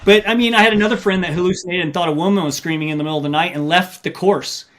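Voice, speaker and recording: Animated storytelling man, fairly high voice. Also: very fast. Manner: animated storyteller, acts out quotes. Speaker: ultramarathon runner and coach, guest. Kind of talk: podcast interview storytelling.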